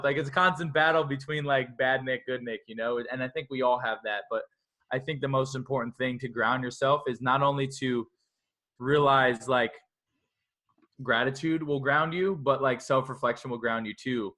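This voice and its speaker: A young man in his twenties chats as a guest on a casual podcast, speaking at a moderate pace in a medium-pitched voice. Full of restless energy, he rambles, says "like" constantly, and jumps between thoughts. Now and then he lapses into a scolding inner voice, talking to himself.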